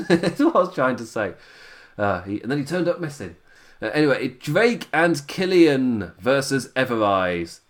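A young adult man hosting a podcast, chatting casually through a review, rambling and chuckling often between thoughts. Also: mid-range voice. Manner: rambling, laughs often, restarts sentences. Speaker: podcast host reviewing a show.

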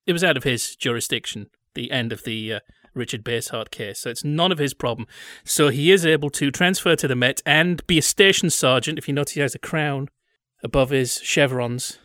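A man's voice: medium pitch, fairly quick, fairly bright tone, no room sound, clean studio sound. A man chatting casually as a podcast co-host, telling wry, digressive stories. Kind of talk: casual chat about old British TV.

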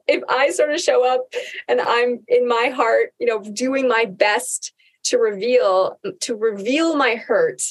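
A woman's voice: a little high, slow. A woman hosting a podcast, speaking candidly and earnestly about personal experience in a casual conversation.

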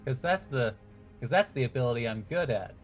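A man's voice: mid-range voice, animated, fairly quick, soft background music. A young man playing in a tabletop game, loose and playful, laughing often. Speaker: player. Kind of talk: casual tabletop play.

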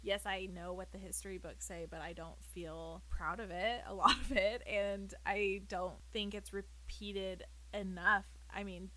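A woman's voice: medium pitch, fairly bright tone, poor audio. An American woman in casual conversation, talking animatedly and laughing often. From United States. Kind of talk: casual chat.

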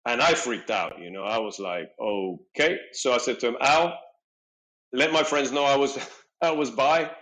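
Middle-aged male guest, animated casual storyteller, acts out dialogue. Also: medium pitch, unhurried, poor audio. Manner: animated, acts out dialogue, frequent "you know". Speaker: podcast guest.

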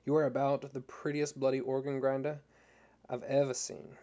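A man voicing a burly male street thug who talks loud and threatening. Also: medium pitch, flat delivery, moderate pace, natural voice. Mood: menacing.

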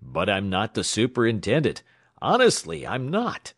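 A man's voice: on the low side, sing-song, a little slow, no echo, studio quality, exaggerated voice. A man voicing a pompous young male railroad clerk who quavers and stammers when frightened.

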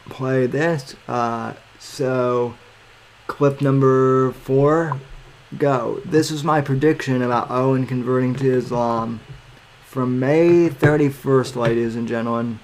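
A man hosting his podcast in casual talk, halting and searching for words as he sets up a clip. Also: mid-range voice, slight background noise. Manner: halting, searching for words while working the screen. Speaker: podcast host.

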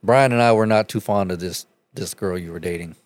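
A young man bluntly retelling a story in casual chat, crude and animated. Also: sits low, brisk, no room sound.

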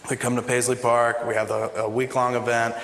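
A man's voice: medium pitch, little pitch movement, fairly quick, a bit bright, a little hiss or hum. A man telling a long profane anecdote to a live audience, acting out both sides of a phone call. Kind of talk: animated live storytelling. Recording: echoey hall with faint ambience.

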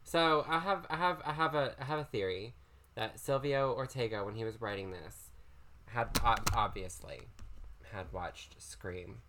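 A man's voice: mid-range voice, a little slow, pushed and bright, slight background noise. A man joining a podcast as a guest, talking casually about a movie. He is enthusiastic and chatty, and he tends to ramble as he works through his theories.

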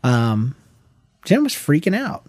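A man's voice: on the high side, huge pitch swings, slow pace, a little mellow, no room sound. A man in his thirties co-hosting a podcast, chatting casually and jokingly with his wife, rambling with many restarts. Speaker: podcast co-host.

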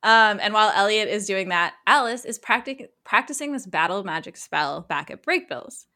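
A woman recapping a TV episode in casual podcast chat, animated and frank, swearing freely. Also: medium pitch, normal speed.

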